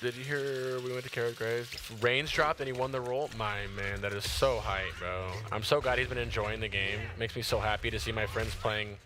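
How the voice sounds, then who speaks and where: A man giving chatty, excitable live commentary while playing a game, tired after an early start. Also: mid-range voice, normal speed, hardly any pauses, background noise. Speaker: gaming streamer.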